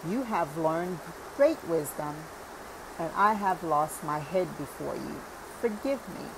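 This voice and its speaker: A woman's voice: deep voice, animated, slow pace, gravelly, noisy background, exaggerated voice. A woman voicing an eager, hospitable old man who fusses to please his older brother, in a storybook reading. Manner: fussing, keen to please.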